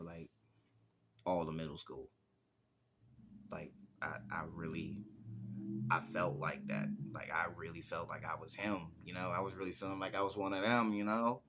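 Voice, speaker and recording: A man's voice: low-pitched, a bit bright, a little hiss or hum. A man in his twenties, a music producer and rapper, telling stories in a casual, rambling interview with lots of filler words. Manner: rambling, heavy use of "like" fillers.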